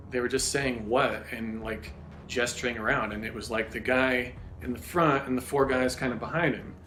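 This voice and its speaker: A man's voice: mid-range voice, a bit bright. Young guy for a personal story: rambling, swears a lot, self-mocking, echoey room with faint music under him. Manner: rambling, profane, self-deprecating. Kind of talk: casual spoken storytelling.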